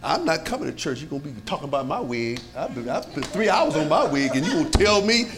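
A pastor preaching to his congregation in a lively, conversational way, with many rhetorical questions and frequent chuckles. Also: a little high, fast, over a noisy crowd. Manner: chuckles often. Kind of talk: sermon.

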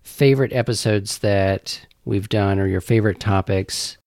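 Podcast co-host, casual and earnest, deep voice. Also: darkish tone, no room sound. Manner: halting, repeats words, earnest.

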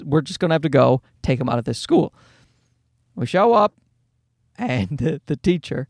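Animated, profane man telling a stand-up story. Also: dry recording, clean studio sound. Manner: animated, profane, acts out high-pitched quoted voices. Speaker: stand-up comedian.

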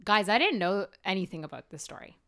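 Chatty female film panelist, bright and clear. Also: medium pitch, very animated. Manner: chatty, quick to laugh. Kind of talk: casual film review chat.

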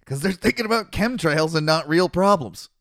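A man's voice: a little high, animated, moderate pace, fairly bright tone, no room sound, clean studio sound. A man hosting a podcast, chatting casually, amused and laid-back, swearing freely. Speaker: podcast host. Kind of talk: casual chat.

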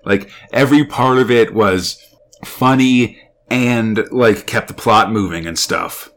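A man's voice: on the low side, slow pace, a bit bright. A man co-hosting a podcast in casual chat, enthusiastic and rambling, with lots of fillers. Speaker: podcast co-host.

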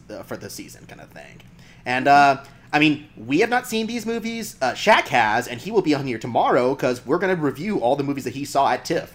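Man, podcast host, casual film chat, lively up-and-down pitch, chatty, laughs often.

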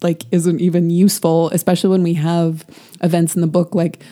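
Woman, podcast co-host, casual book chat, lowish voice, mellow tone, filler-heavy. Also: level tone, fairly quick. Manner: chatty, many fillers like "um" and "like".

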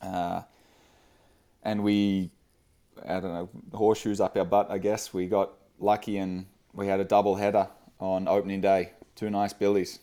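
A man's voice: deep voice, flat delivery, moderate pace, dark tone. A man, a guest on the show, telling a casual story with fillers and frequent laughs. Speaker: podcast guest.

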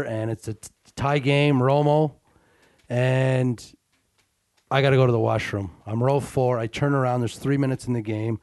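A man's voice: medium pitch, smooth, no room sound. Man telling a wild story, dry sound. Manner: animated anecdote telling. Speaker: guest storyteller. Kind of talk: casual podcast chat.

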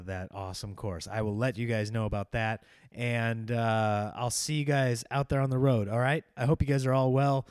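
A man's voice: mid-range voice, a little mellow, clear, resonant tone, no echo. A sick man talks his way through a casual podcast monologue, his voice strained and broken by coughing. He rambles and jokes at his own expense, and the sound is dry and close, with no room around him. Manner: rambling, self-deprecating, jokey asides. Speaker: podcast host and touring comedian.

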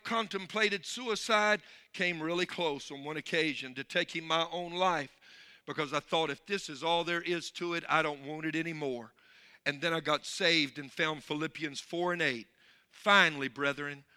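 High, sharp-voiced preaching man. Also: clear, resonant tone. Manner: swings from low intimate talk to shouting; call-and-response preaching. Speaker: pastor. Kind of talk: sermon.

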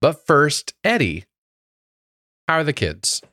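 A man in his thirties co-hosting a podcast, steering the show along and chiming in with quick, agreeable remarks. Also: on the high side, huge pitch swings, bright, forceful tone, no room sound, studio quality. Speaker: podcast co-host. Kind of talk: casual chat.

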